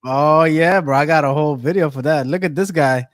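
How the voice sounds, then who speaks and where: Man, casual podcast host, slangy, raised pitch, dry sound. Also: a little fast, no echo. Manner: laid-back, joking, slangy. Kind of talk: casual chat.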